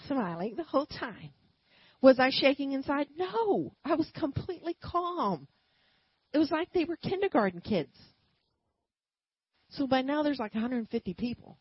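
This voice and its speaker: A woman preaching a sermon and telling a personal story, swinging from quiet asides to loud emphatic bursts. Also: high-pitched, very animated, normal speed, no room sound, dull audio.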